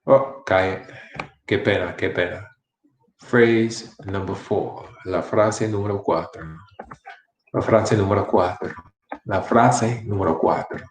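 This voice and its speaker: Guy teaching spanish live, low voice, repeats stuff over and over, roomy echo, faint hum. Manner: chatty, repeats phrases many times for practice. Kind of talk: live-streamed language lesson.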